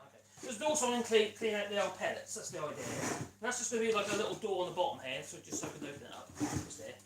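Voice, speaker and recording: A man's voice: high-pitched, reverberant, far from the mic, noisy background. A man chatting casually on a radio mic while he builds something, rambling and cracking jokes. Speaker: vlogger. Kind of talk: casual chat while woodworking.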